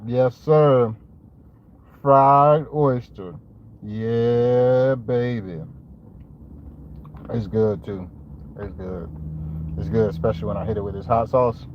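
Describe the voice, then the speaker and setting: A man's voice: on the low side, fairly even intonation, slow, pauses often, dull audio, a little hiss or hum. A man who runs a lawn care business, talking casually and joking to camera in a slangy, laid-back way. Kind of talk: casual vlog talk to camera.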